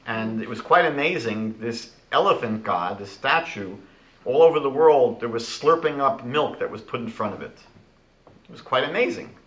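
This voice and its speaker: Animated man lecturing in an echoey room. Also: medium pitch, normal speed. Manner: animated, rhetorical, retells conversations. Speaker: rabbi lecturing.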